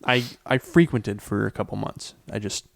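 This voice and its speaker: A man's voice: on the low side, normal speed, gravelly, dry recording. Laid-back young man on a podcast. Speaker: podcast co-host. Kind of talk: casual chat.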